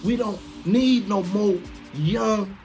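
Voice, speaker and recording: Slow, preachy man. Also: high-pitched, faint music behind. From Chicago, USA. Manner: emphatic, preachy, sounds like shouting even when calm. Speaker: online commentator. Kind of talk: casual live-stream monologue.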